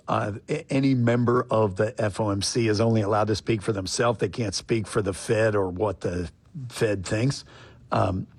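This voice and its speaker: Husky-voiced male economist in interview. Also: lowish voice, dry recording. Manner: measured, explanatory. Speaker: economist guest. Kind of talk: radio interview answers.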